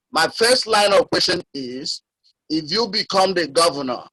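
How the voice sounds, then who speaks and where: A man with a high, bright voice asks his questions in a measured, formal way. His voice is dry and close, with no room sound. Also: no echo, poor audio. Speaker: caller.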